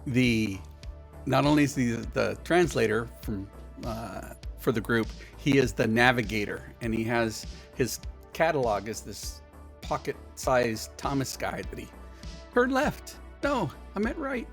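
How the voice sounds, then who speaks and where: A man at a game table describes his character hesitantly, with stops and fillers. His voice is gravelly with plenty of fry. Faint music plays behind him. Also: mid-range voice. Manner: hesitant, halting. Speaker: player. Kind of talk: casual tabletop play.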